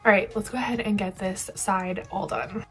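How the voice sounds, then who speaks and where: A woman's voice: mid-range voice, fairly even intonation, normal speed. Young woman, beauty vlogger, upbeat and chatty, mid-range voice, light music behind. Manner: chatty, upbeat, demonstrating as she goes. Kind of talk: casual hair tutorial.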